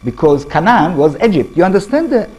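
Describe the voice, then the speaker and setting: Husky older man, Israeli accent. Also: high voice, very animated, a little mellow, low-quality recording. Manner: halting, restarts words, asks audience questions. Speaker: lecturer. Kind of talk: public talk to an audience.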